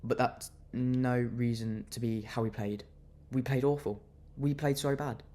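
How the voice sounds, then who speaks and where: A man's voice: medium pitch, fairly even intonation, a little slow, warm tone. A young man venting his anger in a fan reaction rant, fuming and repeating himself as he vents. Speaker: football fan vlogger.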